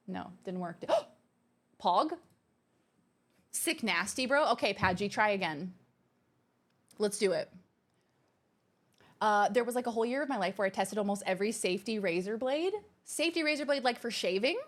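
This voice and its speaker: Speaking at medium pitch with lively intonation, a woman runs a livestream from her home streaming room. She reads viewer messages and chats casually, bubbly and gushing, exclaiming readily.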